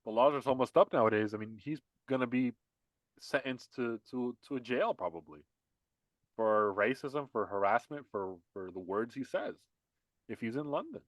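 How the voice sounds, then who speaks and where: A man's voice: mid-range voice, expressive, normal speed, no echo. A man co-hosting a casual podcast, talking in a heated, emphatic way, repeating himself with many restarts. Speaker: podcast co-host. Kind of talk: casual political podcast chat.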